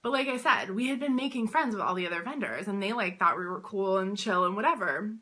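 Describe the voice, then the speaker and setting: Chatty bright-voiced woman telling a story. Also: mid-range voice, fast, husky. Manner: chatty, heavy use of "like", animated retelling. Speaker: boutique owner and business coach. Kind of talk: casual storytelling to camera.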